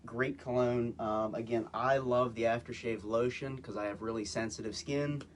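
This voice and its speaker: Casting: mid-pitched man, relaxed, hesitant reviewer on a phone stream, faint hiss. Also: moderate pace. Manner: relaxed, hesitant, lots of "um" and "again". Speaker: guest co-presenter, husband. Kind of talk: casual product review. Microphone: phone, live stream.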